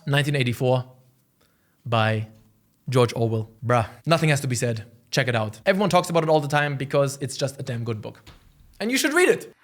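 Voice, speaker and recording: A young man from Germany casually recommending books in a vlog, animated and slangy, with jokey asides. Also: medium pitch, fairly quick, soft background music. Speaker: vlogger.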